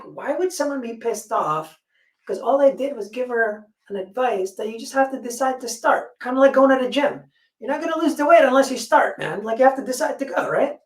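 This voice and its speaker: Blunt, profane woman on an echoey call. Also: sits high. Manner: blunt, profane, animated storytelling. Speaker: panel guest. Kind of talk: casual discussion. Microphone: video call. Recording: echoey room, distant mic.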